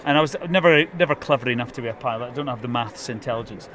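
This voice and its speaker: A man's voice: medium pitch, very fast, fairly bright tone, slight background noise. A man, a radio presenter chatting enthusiastically and laughing a lot at an outdoor motor event. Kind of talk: excited casual chat.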